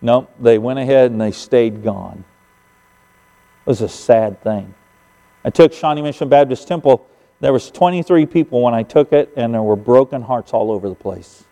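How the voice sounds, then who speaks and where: A man's voice: medium pitch, moderate pace, mellow, long reverb tail. An older man preaching a sermon as pastor, telling folksy stories with emphatic sound effects. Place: church sanctuary.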